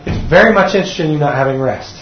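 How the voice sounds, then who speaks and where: A man's voice: on the high side, lively intonation, rapid-fire, a little hiss or hum. Man teaching a sermon in an echoey room. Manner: earnest, repeats words when restarting. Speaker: teacher at a church class. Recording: dull echoey room recording.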